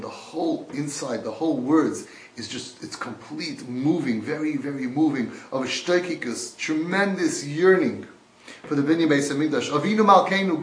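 A man teaching a sermon-style class, swinging from hushed to loud and mixing in Yiddish and Hebrew terms. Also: on the high side. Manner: swings between hushed and shouting, acts out voices. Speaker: rabbi giving a Torah class. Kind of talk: impassioned sermon. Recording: echoey room.

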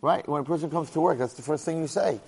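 A middle-aged man with a fairly high voice teaching a Torah class. He speaks emphatically and fires off rhetorical questions. He often stumbles into quick restarts as he presses his point. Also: gravelly, darkish tone, breathy edge, long reverb tail, low-quality recording. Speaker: Torah lecturer.

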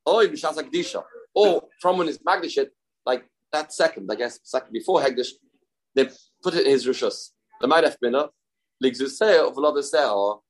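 Animated Yeshivish-accented Talmud teacher. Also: male voice, mid-range voice, moderate pace, poor audio. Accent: Yeshivish English. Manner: animated, repeats phrases, asks and answers questions. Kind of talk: daily Talmud lesson.

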